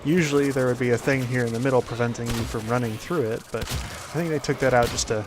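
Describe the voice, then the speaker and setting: A man's voice: medium pitch, steady tone, fast, background noise. Rambling man doing game commentary. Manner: rambling, many fillers. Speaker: gaming video host. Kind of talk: casual gameplay commentary.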